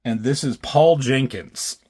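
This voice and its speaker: A man at an ordinary middle pitch walks through comic panels in a loose, chatty way. He swears casually and fills gaps with ums as he goes. The tone stays offhand and unscripted throughout. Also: slow, a little mellow, slightly rough. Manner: loose, profane, lots of filler ums. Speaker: comic book reviewer.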